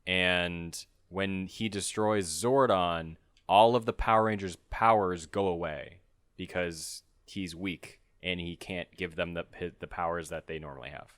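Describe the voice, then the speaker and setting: A young man chatting casually while playing a game, rambling through a movie plot and doing quick silly voices for the characters. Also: deep voice, fairly even intonation, a bit bright, dry recording, studio quality. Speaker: let's play co-host. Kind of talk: casual gaming chat.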